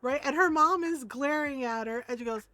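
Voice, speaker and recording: A middle-aged woman streamer telling a story in casual chat as she plays a game, animated and laughing often. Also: high-pitched, normal speed, no room sound.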